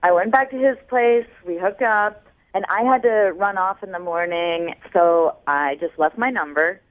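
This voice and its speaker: A woman's voice: medium pitch, moderate pace. A woman calling in to a radio show, chatty and a little sassy as she tells her story. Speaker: caller. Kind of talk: telling a dating story on air. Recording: tinny phone line.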